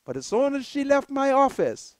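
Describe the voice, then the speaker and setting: A Bahamian woman hosting a political talk show, giving an impassioned monologue in a preacherly way that rises to shouted appeals. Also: high-pitched, sing-song, moderate pace, no echo. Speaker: political commentator, show host.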